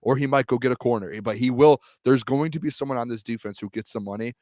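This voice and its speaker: A man's voice: mid-range voice, quick pace, darkish tone, no room sound, clean studio sound. A man co-hosting a casual sports podcast, talking in an emphatic, confident way. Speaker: podcast co-host.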